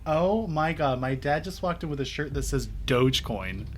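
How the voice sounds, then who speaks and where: A man's voice: a little high, lively intonation, moderate pace, background noise. A young man co-hosting a casual podcast, playful and giggly, sometimes stretching words out. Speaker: podcast co-host. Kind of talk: casual chat.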